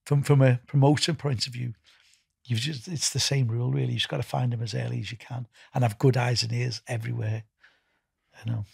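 A man's voice: medium pitch, flat delivery, fairly quick, vocal fry, a little mellow, husky, no echo, studio quality. A middle-aged man with a Liverpool accent, being interviewed as a festival founder, rambling with lots of restarts and "you know". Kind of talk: casual interview talk.

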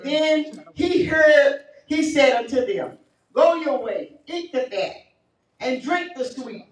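A woman pastor delivering a fervent sermon, building up to shouts and often breaking into laughter. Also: sits high, slight background noise. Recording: echoey church audio from far off.

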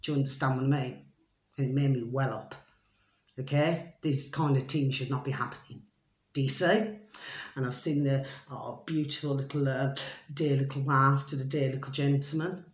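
A woman's voice: a bass voice, steady tone, normal speed. A woman, rambling to camera in a chatty, digressive monologue, repeating the same pet phrase for her viewers. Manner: chatty, repetitive, keeps saying "my delicious little babies"; loose and digressive with many fillers. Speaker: vlogger. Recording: roomy echo.

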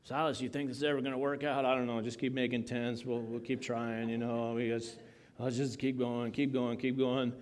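A man's voice: medium pitch, level tone, normal speed, pitched below the performer's own voice, close to an everyday voice. A man playing a plodding apostle, weary, muttering. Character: weary male apostle making tents, plodding on.

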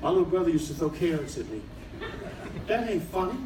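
A man doing stand-up comedy to a live audience, animated and bursting into shouted punchlines. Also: on the high side, brisk, background noise. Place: cruise ship showroom, live audience. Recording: echoey room, far mic, crowd laughter.

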